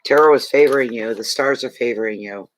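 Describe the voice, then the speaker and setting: A man's voice: medium pitch, a little fast, rough recording. A man giving a tarot card reading to a client, speaking emphatically and repeating key phrases to reassure her. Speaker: tarot reader.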